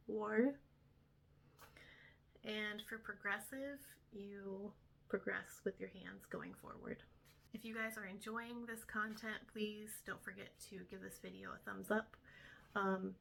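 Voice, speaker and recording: This young woman, a homeschool tutor, walks through her week's lessons step by step, talking casually to the camera with plenty of ums. Her medium-pitched voice is creaky and slightly bright, with a little background noise.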